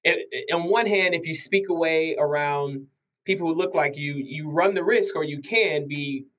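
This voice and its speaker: Thoughtful, slightly higher-voiced man. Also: normal speed, a bit bright, poor audio. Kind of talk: casual chat.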